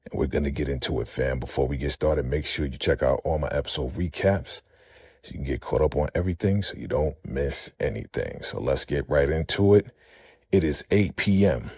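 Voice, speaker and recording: A man's voice: extremely low pitch, brisk, darkish tone, breathy edge, dry recording. A man hosting a casual vlog recap of a TV episode, chatty and calling his viewers fam.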